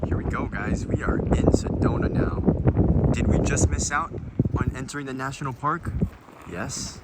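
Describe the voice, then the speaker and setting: A young man chats upbeat to his viewers while filming a travel vlog on a handheld camera. His voice sits in an ordinary male range. Loud wind batters the mic through most of it. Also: mid-range voice, moderate pace. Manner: chatty, upbeat, talking to camera. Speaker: vlogger. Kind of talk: casual travel vlog narration. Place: outdoors, windy desert trails and lookouts.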